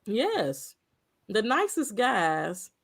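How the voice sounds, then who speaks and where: A woman's voice: a little high, drawn-out words, gravelly, slightly rough. A woman co-hosting a casual movie recap, acting out her reactions dramatically. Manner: animated, acts out her own reactions, dramatic. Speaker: podcast co-host.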